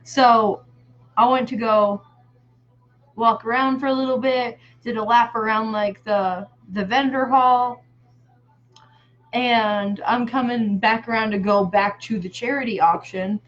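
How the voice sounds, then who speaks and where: A woman's voice: a little high, steady tone, unhurried. A woman vlogging in casual chat while she paints a face design, telling stories in a rambling way full of fillers and casual swearing. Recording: muffled lo-fi audio.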